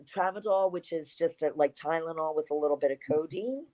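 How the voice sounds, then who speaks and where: A middle-aged woman with a notably low voice tells an animated story as an interview guest. She slips into the voices of the people she quotes and swears casually. Her delivery is loose and conversational. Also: brisk, lo-fi sound. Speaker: interview guest, former wrestler.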